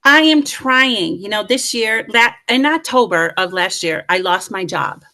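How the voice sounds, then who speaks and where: A middle-aged woman telling a story as a podcast guest. She is lively and pokes fun at herself, and she slips into little voices for the people she talks about. Her voice sits at a middle pitch for a woman. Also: a little slow. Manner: lively, self-mocking, acts out voices. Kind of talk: animated storytelling.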